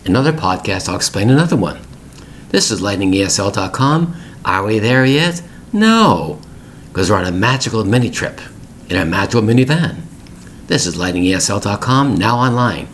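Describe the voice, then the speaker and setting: A man's voice: lowish voice, expressive, a little fast, slight background noise. A middle-aged man hosting an English-learning podcast, telling a family story in plain, repetitive words for learners.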